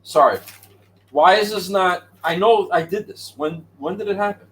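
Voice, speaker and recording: Guy venting about his golf picks, swears a lot, rambles, kinda high voice. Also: normal speed, a bit bright, slight background noise. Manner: frustrated, profane, rambling. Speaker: golf betting podcast host. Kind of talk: casual chat.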